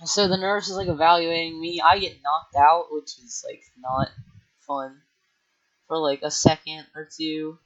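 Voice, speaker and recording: A man's voice: a little high, little pitch movement, unhurried, a bit bright. A young man telling a rambling personal story in a casual vlog, full of filler words and restarts. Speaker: storytime vlogger. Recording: dull lo-fi mic.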